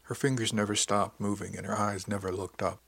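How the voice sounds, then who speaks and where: Husky, low-voiced male narrator. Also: fairly even intonation, a little fast, fairly bright tone, no room sound. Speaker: audiobook narrator. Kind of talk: first-person scripted narration.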